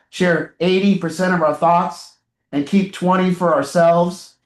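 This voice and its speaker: A man's voice: sits high, reverberant. A man coaching a support group in a candid, blunt way, telling stories and acting out what people say. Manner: blunt, profane, anecdotal, acts out quotes. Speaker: addiction recovery group coach.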